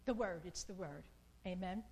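A woman giving an informal sermon in a slow, earnest and repetitive way, with bursts of emphasis. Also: fairly low pitch, a little mellow, slight background noise, poor audio.

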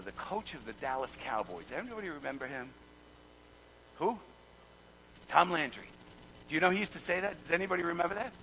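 Man, pastor, fervent sermon, gravelly, bright tense voice, lo-fi recording. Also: a little high, slight background noise. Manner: fervent, builds to shouting, repeats words.

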